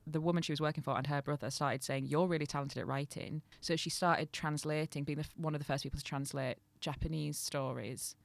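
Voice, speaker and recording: A young woman co-hosting a comedy podcast, telling stories with lively acted-out quotes. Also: sits low, fairly quick, gravelly, hardly any pauses, no echo. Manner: animated storytelling, acts out quotes. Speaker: podcast co-host. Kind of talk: casual comedic chat.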